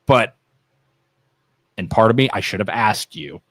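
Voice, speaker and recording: A man's voice: on the low side, animated, measured pace, dry recording. A man with an Ohio accent co-hosting a local live talk show, joking around and needling his partner. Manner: goofy, teasing, talks over his co-host. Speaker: podcast co-host. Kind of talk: casual radio talk show banter.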